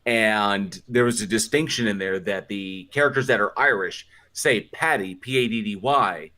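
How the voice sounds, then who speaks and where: A man co-hosting a podcast in casual group chat, excitable and swearing freely, often stumbling over repeated words. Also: lowish voice, moderate pace. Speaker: podcast co-host.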